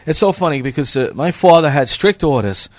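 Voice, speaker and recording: A man, a chef, telling stories as a podcast guest, animated and often laughing. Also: fairly high pitch, fairly quick. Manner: animated, acts out the people in his stories. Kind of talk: storytelling in a podcast interview.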